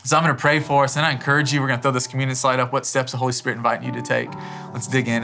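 A man's voice: medium pitch, flat delivery, racing, gravelly, pushed and bright, soft background music. A man pastor preaching a sermon and leading a closing prayer, earnest and conversational, often saying "man" and "you know". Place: church service.

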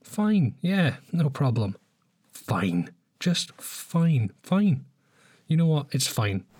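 A man playing a sarcastic, slow-talking frustrated podcaster. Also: fairly high pitch, noisy background. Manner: exasperated, sarcastic, deadpan asides. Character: frustrated young male podcaster. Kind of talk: comedy sketch acting.

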